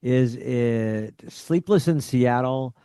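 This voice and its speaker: A man's voice: mid-range voice, slow, dark tone, smooth, no echo, clean studio sound. A man chatting on a remote call at a game cast roundtable, laughing easily and rambling. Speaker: cleric player. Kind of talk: casual roundtable chat.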